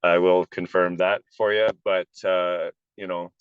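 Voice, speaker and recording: Co-host, man from Canada, low voice, easygoing chatter, muffled call audio. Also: flat delivery, measured pace, smooth, no room sound. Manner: laid-back, laughs easily, chatty. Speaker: podcast co-host. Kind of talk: casual chat. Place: home, near a deck.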